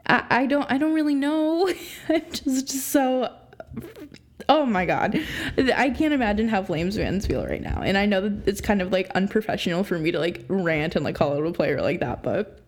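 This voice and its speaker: A young adult woman hosting a sports podcast, ranting in an exasperated, animated way and laughing between points. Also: mid-range voice, moderate pace. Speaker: podcast host. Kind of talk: opinionated sports podcast rant.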